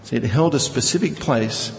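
A man's voice: mid-range voice, normal speed. Guy teaching a bible passage, asks questions as he explains, reverby sound. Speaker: preacher.

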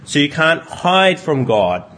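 A man's voice: a little high, big pitch swings, takes it slowly, a bit bright, slight background noise. A man preaching a sermon in a conversational way, asking his listeners rhetorical questions. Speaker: pastor.

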